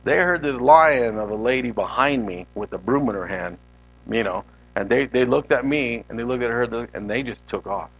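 A man preaching a sermon, telling a story with sudden loud exclamations and quiet, hushed passages. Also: mid-range voice, animated, moderate pace, lo-fi sound. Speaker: pastor.

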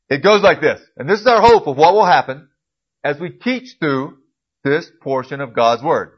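A man teaching a casual Bible class in a church classroom. He clears his throat often and corrects himself as he goes. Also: fairly high pitch, expressive, a little slow. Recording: dull lo-fi recording.

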